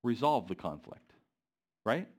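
A man delivering a sermon in a church, often pausing to put questions to the congregation. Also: mid-range voice, big pitch swings, a little mellow. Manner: asks the congregation questions, pacing varies. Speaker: preacher.

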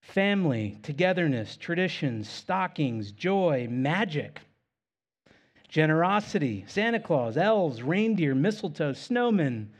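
A man's voice: on the high side, breathy edge. A male pastor preaching a sermon in a conversational way with self-deprecating humor.

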